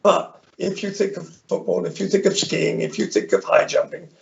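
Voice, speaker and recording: Older male guest from Northern Ireland, rambling storyteller, heavily gravelly voice. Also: sits high, animated, moderate pace, crowd noise. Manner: rambling anecdotal, self-correcting restarts. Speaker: interview guest. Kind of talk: conversational storytelling. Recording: dull lo-fi audio.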